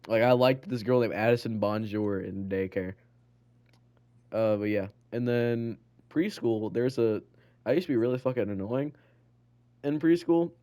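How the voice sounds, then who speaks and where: A young man chats on a podcast, rambling loosely through stories with plenty of "like" and "bro". His voice sits at an ordinary middle pitch. The sound is dry, with no room around it. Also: measured pace, warm tone, dry recording. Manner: rambling storyteller, loads of "like" and "bro". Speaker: podcast co-host. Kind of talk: casual chat.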